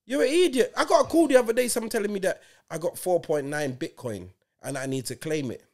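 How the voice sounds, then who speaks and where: A man in his forties trades casual banter as a podcast co-host. His voice sits a little high and swoops widely as he tells stories. He talks in an insistent, animated way. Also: fast talker. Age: 40s.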